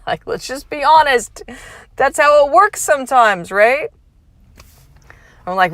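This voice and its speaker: A woman's voice: sits high, expressive, takes it slowly, long pauses, fairly bright tone, no echo. A woman in her thirties hosting a podcast, talking in a frank, casual, motivational way, swearing freely and leaning hard on key words. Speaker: podcast host. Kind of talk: candid motivational monologue.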